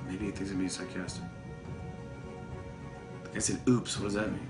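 A man giving casual, playful commentary while playing a mobile game, excitable and trash-talking his opponents. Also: low-pitched, moderate pace, over music. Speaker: talk show host.

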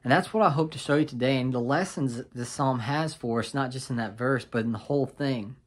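A man's voice: mid-range voice, a little fast. Conversational man teaching a Bible lesson. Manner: conversational, explains and paraphrases with a chuckle. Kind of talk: casual video Bible lesson.

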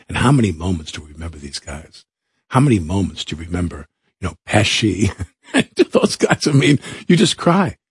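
A man's voice: lowish voice, sing-song, fairly quick, breathy edge, no room sound, clean studio sound. A man who is a guest actor on an interview show. He talks animatedly, repeats himself and acts out voices. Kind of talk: casual interview talk.

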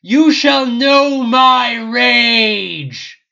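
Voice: mid-range voice, expressive, drawn-out words, gravelly, sharp tone, pitched above the performer's own voice, heavily acted. A reader voicing a gloating male dragon boss in a game simulation, who bellows theatrical threats in a dull lo-fi recording. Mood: gloating rage.

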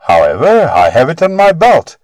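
A sly trickster god who sneers and mocks in a raised, lively voice, as a man reading a storybook puts him on. His lines are scornful and quick. The sound is dry and close. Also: a little high, no echo, pitched above the performer's own voice. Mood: sneering. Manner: sneering, mocking.

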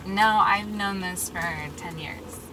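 A woman's voice: mid-range voice, fairly even intonation, slow pace, background noise. A woman in her thirties, tipsy after a few drinks, chatting bluntly and laughing often with profane remarks. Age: 30s. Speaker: taxi passenger. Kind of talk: casual chat.

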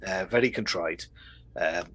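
A man's voice: low-pitched, a little slow, a bit bright, no echo. A man co-hosting a podcast, chatting casually about a TV episode in a rambling way. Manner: rambling, acts out quoted lines. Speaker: podcast co-host. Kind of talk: casual chat reviewing an episode.

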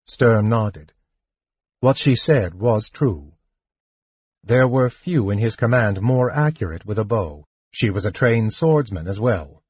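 Slow, husky male audiobook narrator. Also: lowish voice, lively intonation, a little mellow, no room sound, highs cut off. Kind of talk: scripted narration.

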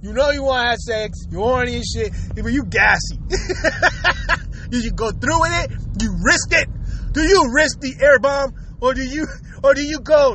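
A man's voice: very high-pitched, animated, unhurried, bright, forceful tone, slight background noise, poor audio. A young man in a crude, rambling casual rant to his viewers, full of slang and frequent chuckles. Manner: slangy street talk. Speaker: vlogger.

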